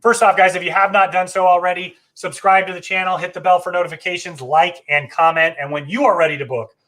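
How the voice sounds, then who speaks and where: This travel agency host has a high-sitting voice with fairly even intonation, talking fast in a slightly bright tone. He runs a casual travel live stream, chatty and enthusiastic, often using fillers and correcting himself.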